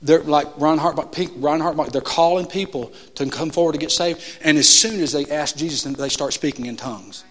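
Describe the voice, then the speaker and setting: A man preaching a sermon in a church. He tells stories, building to loud emphatic peaks and then dropping low and quiet. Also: a little fast, few pauses. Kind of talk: sermon with storytelling. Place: church sanctuary. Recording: long reverb of a large hall.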